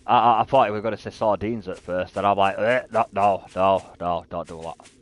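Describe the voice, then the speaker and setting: A man's voice: on the low side, steady tone, a little fast. Stammering chatty British man streaming. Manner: stammers and repeats words, chatty and laughing. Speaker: game streamer. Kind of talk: casual chat while gaming on stream.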